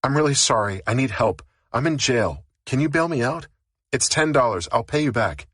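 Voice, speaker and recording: Man reading as a frantic young woman, pleading urgently, raised pitch, husky, dry audiobook sound. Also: lively intonation, normal speed, a bit bright, dry recording.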